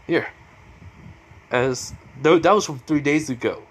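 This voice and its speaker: A man's voice: a little high, normal speed. A man casually retelling a fan story, rambling with lots of fillers and restarts.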